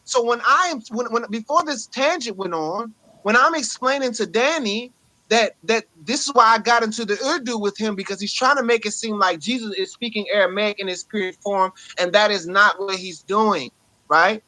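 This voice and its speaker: Insistent high-voiced man in a debate. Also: normal speed, sharp tone, no room sound, poor audio. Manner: insistent, repeatedly asks "right?". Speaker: Christian debater. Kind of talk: heated online debate. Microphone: phone mic on audio chat app.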